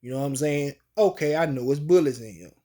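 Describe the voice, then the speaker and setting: A man's voice: fairly high pitch, fast, dark tone. A man telling a personal story in casual, slangy, colloquial speech.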